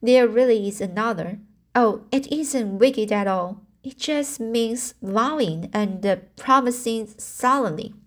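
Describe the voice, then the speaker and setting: A woman voicing an eager, dreamy young girl in a storybook reading, slow and halting with restarts. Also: fairly high pitch.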